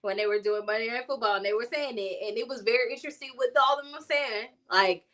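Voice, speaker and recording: A woman co-hosting a sports chat show, her voice bright and a little high. She rambles through her points in a relaxed, chatty way and laughs often along the way. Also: fast. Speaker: sports talk show co-host.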